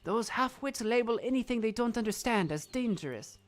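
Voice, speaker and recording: A woman voicing a bitter, scornful older village witch in a visual novel, with a low, drawling put-on voice and a vague accent. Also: expressive, fairly quick, lightly acted. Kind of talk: reading a visual novel aloud.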